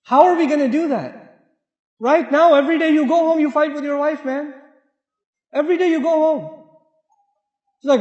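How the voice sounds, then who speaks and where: A man preaching a sermon in a lively way, talking straight to the congregation and acting out family quarrels in other voices. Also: extremely high pitch, normal speed, long pauses. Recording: echoey hall with long reverb.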